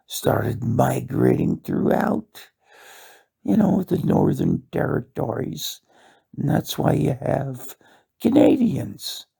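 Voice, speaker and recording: A man with a very husky, raspy voice wanders through a comic monologue, stuffing it with fillers and swearing. His pitch swings widely from one phrase to the next. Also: mellow. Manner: meandering, profane, full of fillers. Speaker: monologue host.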